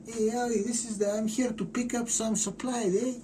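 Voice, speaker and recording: A man's voice: extremely high pitch, flat delivery, dark tone, a little hiss or hum, voice pushed up. A man voicing a cheery, harmless, disguised fake-man with folksy greetings. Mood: chirpy. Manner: chirpy, folksy greetings, drawn-out.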